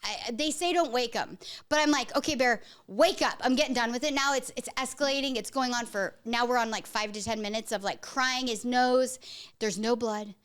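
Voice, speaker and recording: A mother and podcast host telling a story in a rambling, animated way with lots of "like". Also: a little high, normal speed, clean tone. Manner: animated, rambling, heavy use of "like". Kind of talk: casual storytelling chat.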